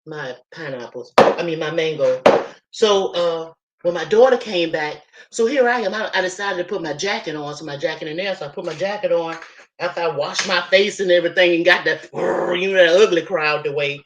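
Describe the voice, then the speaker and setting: A woman's voice: lowish voice, a little fast, muffled recording, slight background noise. A woman telling a story casually on a live stream from her home, talking straight to her viewers, chatty and swearing freely. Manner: chatty, profane, addresses viewers as y'all. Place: at home, moving from kitchen to living room. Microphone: laptop on a live stream.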